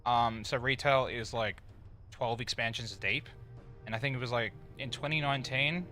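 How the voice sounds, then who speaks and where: A man's voice: mid-range voice, normal speed, sharp tone, soft background music. A man streaming an online game, chatting casually in a loose, rambling way with plenty of fillers. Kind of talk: casual chat while gaming.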